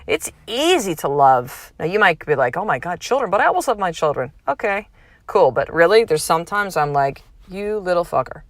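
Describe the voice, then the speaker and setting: Woman podcast host in her thirties, lowish voice, frank and casual with salty language, dry close recording. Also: brisk, no room sound. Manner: frank and casual, swears freely, animated emphasis. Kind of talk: candid motivational monologue.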